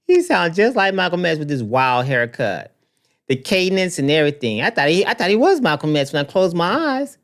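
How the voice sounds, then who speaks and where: A man hosts a loose commentary show, reacting to news clips as he scrolls through them. His pitch swings widely and he keeps repeating phrases for emphasis. He talks straight to his viewers in an off-the-cuff way. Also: normal speed. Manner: animated, repeats himself, talks to viewers directly.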